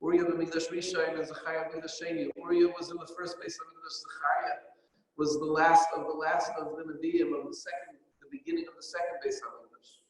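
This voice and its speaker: Rabbi lecturing in an echoey hall. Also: male voice, on the high side, quick pace. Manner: storytelling, explaining Hebrew and Aramaic phrases. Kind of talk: Torah lecture. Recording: echoey hall with long reverb.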